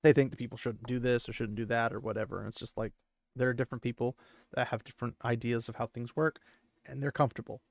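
A man's voice: medium pitch, level tone, fast, gravelly, no echo. Casual male podcaster recapping a book. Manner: rambling, conversational, with filler words. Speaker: podcast host.

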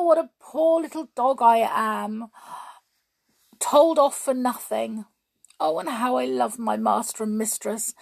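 A woman's voice: high-pitched, gravelly, voice pushed up. A woman voicing a sad little male terrier dog who laments plaintively. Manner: plaintive, self-pitying lament.

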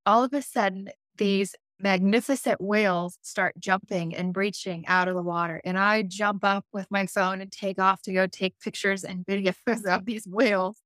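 Animated woman telling a story, dry sound. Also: medium pitch, normal speed, no room sound. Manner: animated, acts out her own inner voices; laughs often while telling stories. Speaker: intuitive life coach, guest. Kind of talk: casual storytelling in a podcast interview.

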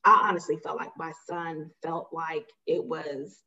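A woman's voice: deep voice, fairly even intonation, unhurried, gravelly, bright, forceful tone. A woman guest telling a personal story in a casual, emphatic way, acting out the dialogue she recalls. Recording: slightly muffled audio.

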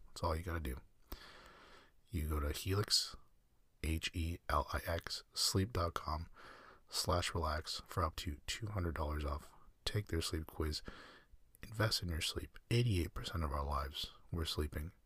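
A man hosting a sleep podcast, talking in a soft, slow, meandering half-whisper with dry self-mocking humor. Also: a bass voice, husky, no room sound. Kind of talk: rambling whispered bedtime monologue.

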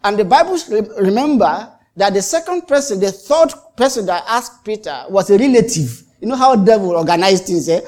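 This sermon comes from a pastor whose medium-pitched voice is a little mellow. Dramatic in manner, he restarts and repeats phrases to drive points home, performing the quoted exchanges he describes.

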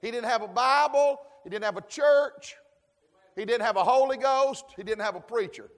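A man preaching a folksy sermon, calling for amens and building to shouts. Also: very high voice, moderate pace. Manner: folksy, call-and-response, rising to shouts. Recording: long hall reverb.

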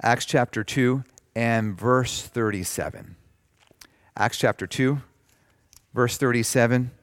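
Man preaching a plain, deliberate sermon. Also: mid-range voice, no room sound, studio quality. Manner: reads scripture slowly and emphatically, explains plainly. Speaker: pastor.

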